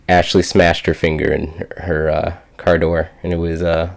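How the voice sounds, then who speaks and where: A young man with a very deep voice co-hosts a relaxed podcast chat. He rambles, stops and restarts, and slips into quick voices when he retells a story. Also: creaky. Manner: rambling, restarts, acts out quotes. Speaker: podcast co-host. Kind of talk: casual chat.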